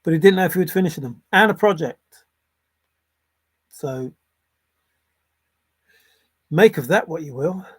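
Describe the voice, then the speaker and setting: A man's voice: fairly high pitch, animated, a little slow, pauses often, breathy edge. A man giving unscripted solo commentary as a treasure-hunt vlogger, sarcastic and exasperated, swearing and repeating phrases for emphasis.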